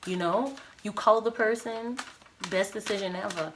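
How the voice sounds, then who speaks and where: A woman's voice: moderate pace, noisy background. A young woman giving a casual intuitive tarot reading who rambles, repeats words and searches for her phrasing. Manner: acts out an inner voice in a higher, livelier tone. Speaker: tarot reader.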